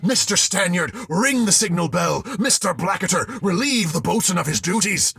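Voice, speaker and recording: A man's voice: medium pitch, animated, unhurried, vocal fry, a bit bright, slightly rough, no room sound, clean studio sound, full character voice. A man voicing a stern, commanding sea captain who bellows orders, in a dramatic ghost story. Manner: bellowing orders across the water.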